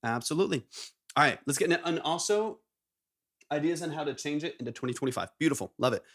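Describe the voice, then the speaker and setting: A man hosting a live stream in casual chat, upbeat and quick to praise. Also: on the high side, expressive, a bit bright. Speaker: live stream host reviewing music submissions.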